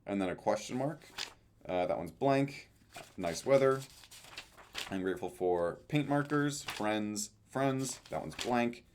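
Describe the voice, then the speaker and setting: A man's voice: on the low side, lively intonation, slow, a little hiss or hum. A young man casually reading out his own journal and planner entries, with offhand dry asides and frequent fillers. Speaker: vlogger.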